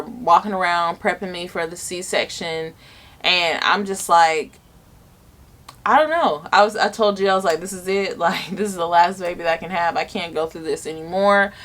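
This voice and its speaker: A woman's voice: lowish voice, moderate pace, fairly bright tone. A young woman vlogger telling a personal story in a casual, chatty way, earnest and emotional, filling her talk with "like". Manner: chatty, filler-heavy with lots of "like". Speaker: vlogger and mother.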